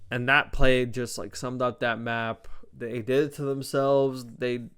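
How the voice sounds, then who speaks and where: A man's voice: medium pitch, level tone, measured pace, fairly bright tone, clean tone. A young man giving a casual esports recap, often heated, swearing and calling his listeners "bro". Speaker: esports commentator.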